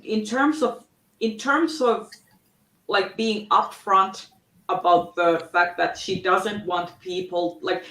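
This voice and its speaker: A woman on a video call discussing a book with friends, her speech halting and full of restarts. Her voice sits at a middle pitch and carries a roomy echo. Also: fairly bright tone, slight background noise. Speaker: book club panelist.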